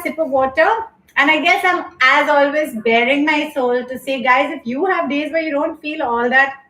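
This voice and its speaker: A woman's voice: high voice, a bit bright. A woman hosting a live-streamed yoga class from home, chatting openly with viewers, reading their comments aloud, and cueing stretches. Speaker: yoga instructor and show host. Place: home room. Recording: echoey room with faint background ambience.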